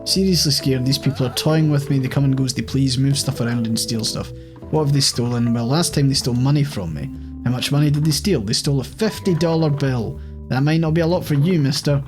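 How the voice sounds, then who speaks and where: A bitter, scheming old woman snaps and scolds in a sharp, exasperated tone, as a Scottish man reads her lines aloud in his own mid-pitched voice. There is a faint bed of game music behind. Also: brisk, close to an everyday voice. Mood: aggrieved. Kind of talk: reading game dialogue aloud.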